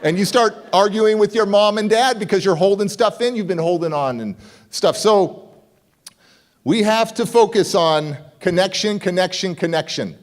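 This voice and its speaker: A man's voice: sits high, normal speed. A man giving a motivational keynote, telling a story with punchy repeated phrases and acting out both sides of the dialogue. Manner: punchy, repeats key words for emphasis. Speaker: motivational speaker. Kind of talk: keynote speech. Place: conference hall stage.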